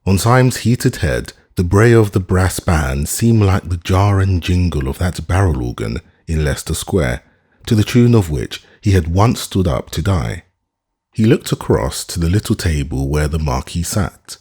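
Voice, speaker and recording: Husky, deep-voiced male narrator for a classic audiobook, expressive and lively in pitch. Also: measured pace. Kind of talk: scripted narration.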